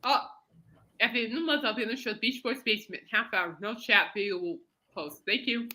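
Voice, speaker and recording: A woman's voice: a little high, a little fast, bright, forceful tone. A woman hosting a podcast, chatting casually and rambling through stories. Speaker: podcast host. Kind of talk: casual chat.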